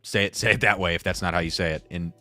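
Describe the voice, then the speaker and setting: Man, very low voice, livestream host, rambling casual chat, faint music behind. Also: fairly even intonation, fast talker, sharp tone. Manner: rambling, self-deprecating, reads viewer chats aloud.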